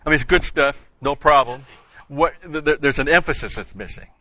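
A man's voice: on the high side, brisk, bright, forceful tone, no room sound, dull audio. A man teaching an informal Bible class, talking in a rambling, conversational way with folksy asides.

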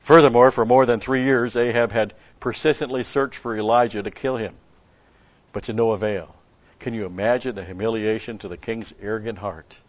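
A man's voice: lowish voice, muffled recording. A man preaching a sermon, telling a story and asking rhetorical questions with an occasional chuckle.

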